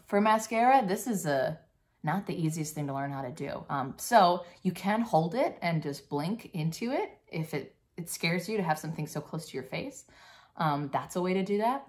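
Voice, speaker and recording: A young woman giving a casual, playful stage makeup lesson for kids, chatty with many fillers and silly sound effects. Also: on the low side. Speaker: makeup tutorial teacher.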